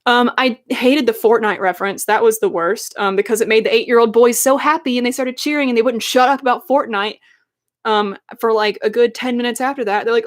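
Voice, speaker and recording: A woman's voice: a little high, steady tone, a little fast. A young woman in her twenties rants casually to her stream chat, sarcastic and full of likes and ums.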